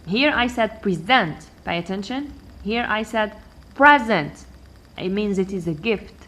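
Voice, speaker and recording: A woman gives an English lesson in a patient, repetitive way. Her pitch sits in a middle range, and she says each example word several times. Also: normal speed, fairly bright tone. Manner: patient and repetitive, switching between English, Arabic and French. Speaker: English teacher. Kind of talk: language lesson explaining word stress.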